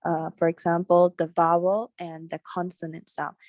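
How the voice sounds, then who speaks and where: A woman, a teacher trainee in a casual study group, recalls points from memory, speaking hesitantly with many fillers. Her voice is fairly low, level and slightly mellow at a normal pace. The recording is dry and studio quality.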